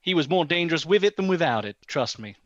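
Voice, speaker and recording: A man voicing an unflinching male marine corporal who answers calmly and formally. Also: on the high side, fast, no echo. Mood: stoic. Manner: calm, formal, clipped replies. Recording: dry, muffled mic.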